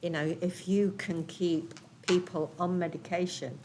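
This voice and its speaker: A woman's voice: on the low side, steady tone, unhurried, mellow, slight background noise. A woman on a panel speaking critically and passionately, with hesitant restarts. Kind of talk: discussion.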